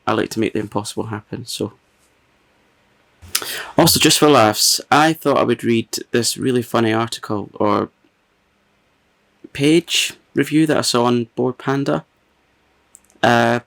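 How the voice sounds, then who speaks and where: A man's voice: mid-range voice, creaky, a bit bright. A man hosting his own channel, chatting casually and reading a funny review aloud, often breaking into giggles. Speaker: ASMR channel host.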